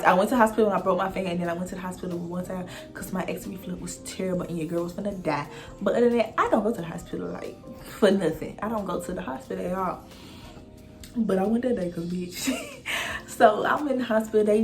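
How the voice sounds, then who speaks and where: A young woman recounts a story for her viewers in a loose, animated way, swearing freely and speaking straight to them. Her voice sits at a middle pitch, and faint music plays underneath. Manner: animated, profane, addresses viewers directly. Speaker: vlogger telling a story. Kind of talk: casual storytime monologue.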